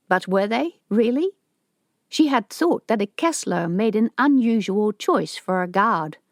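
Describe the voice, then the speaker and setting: A woman reads an audiobook in a steady, even storytelling voice. Her pitch sits at an ordinary middle level. The recording is dry and close, with no room echo. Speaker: audiobook narrator. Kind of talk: scripted audiobook narration.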